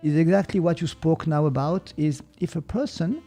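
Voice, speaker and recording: Swiss German-accented male guest, slightly high voice, unhurried and explanatory. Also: faint music behind. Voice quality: searches for words, mixes in German. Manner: calm, explanatory, hesitant. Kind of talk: reflective podcast conversation.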